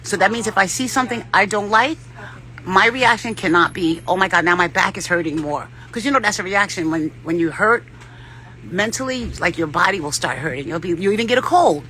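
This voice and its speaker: A woman's voice: mid-range voice, expressive, fairly quick, pushed and bright, a little hiss or hum. A woman vlogger giving rambling, profane spiritual advice in a casual talk, often laughing.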